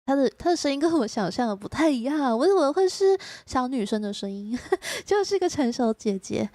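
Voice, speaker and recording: A woman from Taiwan, a native Mandarin speaker, hosting a casual live stream. She giggles often and speaks English slowly and carefully. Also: high-pitched, animated, mellow, no room sound. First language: Mandarin Chinese. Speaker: streamer host.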